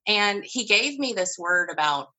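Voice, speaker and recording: A woman hosting a faith podcast, telling stories in a lively way and laughing often. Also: mid-range voice, measured pace, rough recording. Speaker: podcast host.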